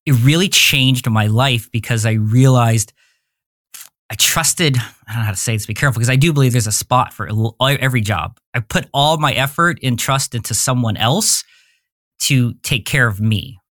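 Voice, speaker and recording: A man's voice: mid-range voice, normal speed, fairly bright tone, no room sound, studio quality. Candid rambling man in his forties. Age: 40s. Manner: rambling, candid, often searches for words. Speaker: podcast guest. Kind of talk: casual interview storytelling.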